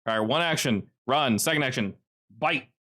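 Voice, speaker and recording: A man narrating as game master for a tabletop session over an online call. His voice sits at an ordinary middle pitch and keeps leaping up in excitement as he describes the action. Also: normal speed. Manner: lively narration with animated pitch jumps.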